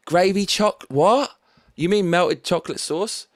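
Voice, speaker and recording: Sweary, rambling English live streamer. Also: male voice, high-pitched, a little slow, no echo, clean studio sound. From England. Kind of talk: casual live stream chat reading viewer comments.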